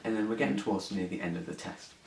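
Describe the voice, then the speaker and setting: A man's voice: deep voice, steady tone, fast talker, darkish tone. A young man telling a story on his vlog, sweary, rambling and indignant. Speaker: vlogger. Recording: echoey room, mic at a distance, faint hiss.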